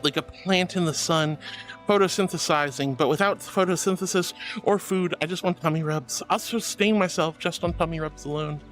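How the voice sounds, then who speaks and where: A man's voice: high voice, fairly bright tone. A man streaming live, casually reading chat and showering viewers with pet names like honey and darling, playful and giggly.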